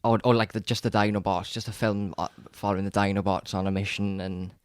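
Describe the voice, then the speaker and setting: A man's voice: lowish voice, flat delivery, a little fast, smooth, no room sound, studio quality. A man co-hosting a podcast, chatting casually and enthusiastically about films, often restarting his sentences. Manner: rambling, enthusiastic, frequent restarts and stammers. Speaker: podcast co-host.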